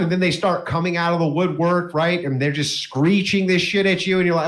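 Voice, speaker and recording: A man's voice: a little high, brisk, hardly any pauses. A man in casual political chat, telling stories with mocking put-on quotes. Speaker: guest commentator.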